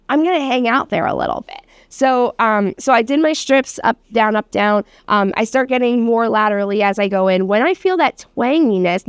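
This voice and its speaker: A woman's voice: a little high, clean tone, dry recording. Casual, chatty woman teaching massage. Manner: casual, chatty, many fillers and laughs, swears. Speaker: massage therapy instructor. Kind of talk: hands-on demonstration class.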